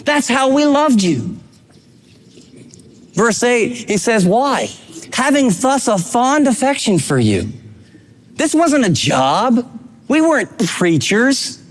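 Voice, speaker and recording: A man's voice: extremely high pitch, very animated, slow, pauses often. A man preaching a sermon as pastor, reading scripture and urging his listeners with emphatic, fatherly exhortation.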